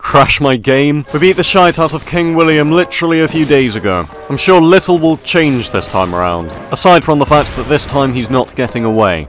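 A man with a mid-range, expressive and slightly bright voice speaks at normal speed, barely pausing. Creating a gaming video, he stays in character as a mock-pompous upper-class officer, bantering and laughing at his own gags, with faint music in the background.

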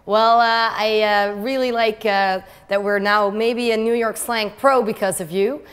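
A woman's voice: medium pitch, fairly even intonation, a little slow, clean tone. A woman hosting an interview who asks casual, upbeat questions. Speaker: host. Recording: echoey with long reverb.

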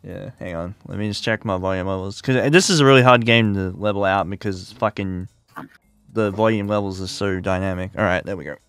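Laid-back low-voiced male gamer. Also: a little fast, a bit bright, clear, resonant tone, dry recording, faint music behind. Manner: laid-back, swears, laughs often. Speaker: let's play host. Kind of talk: casual gameplay commentary.

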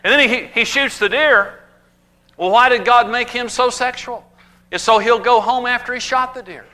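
A man's voice: extremely high pitch, moderate pace. A man teaching on marriage with humor, telling stories and acting out the people in them. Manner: animated storytelling, acting out quoted voices.

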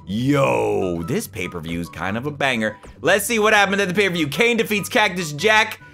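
A young man narrating his wrestling sim playthrough with a high, bouncy, very animated voice. His tone is bright and sharp, and he swings between sudden shouted reactions and low muttered asides. Faint music plays behind him. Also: normal speed, creaky. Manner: excitable, swings from loud outbursts to mumbled asides. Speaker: gaming YouTuber. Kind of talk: gaming commentary.

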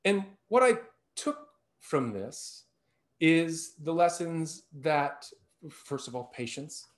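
A man's voice: a little high, very animated, slow pace. A man in his thirties giving a personal sermon in church, telling a story earnestly, with restarts and emphatic rises. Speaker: lay preacher. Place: church sanctuary.

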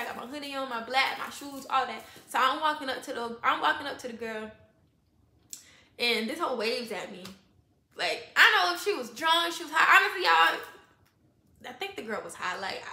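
A young woman, telling a profane, animated storytime and acting out quoted voices. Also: high-pitched, reverberant. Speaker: vlogger.

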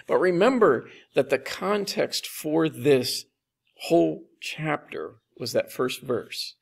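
A man preaching a conversational sermon as pastor, slowing down to repeat key phrases with emphasis. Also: fairly high pitch, expressive, creaky. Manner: conversational, with slow, emphatic repetition.

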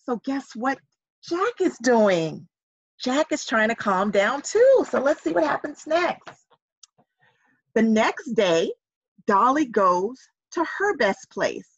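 A woman reads a children's book aloud over a video call, slow and deliberate, her fairly high voice swooping up and down as she coaxes her young listeners with questions. The sound is dry and a bit muffled. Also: big pitch swings, slightly rough, no echo. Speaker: reader at a virtual story time for children. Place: home setup on a video call.

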